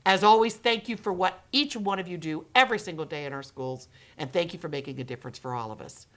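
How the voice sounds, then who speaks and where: A middle-aged educator with thirty years of experience, who runs her own company and channel, speaks directly to camera. She dramatically acts out the reactions she expects with gasps and whispers, talking fast in a lowish, fairly bright voice.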